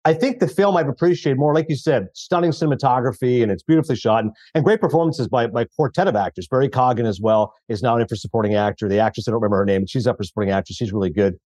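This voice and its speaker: A man talking films as a podcast guest in casual chat, animated and laughing through his sentences. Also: mid-range voice, rapid-fire, few pauses, dry recording. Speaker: podcast guest, film critic.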